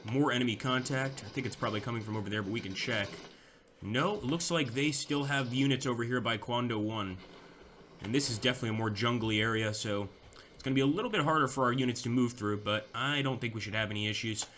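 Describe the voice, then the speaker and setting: A man's voice: medium pitch, fast talker, fairly bright tone, a little hiss or hum. A young man giving casual, chatty commentary over a strategy war game, thinking aloud with fillers and restarts. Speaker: gameplay commentator.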